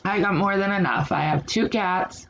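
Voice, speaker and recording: A woman's voice: medium pitch, moderate pace, a loud crowd. A middle-aged woman hosting a live stream, chatting easily and laughing often on a close desk mic. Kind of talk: casual chat. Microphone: desk mic close to keyboard. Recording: muffled lo-fi with noise.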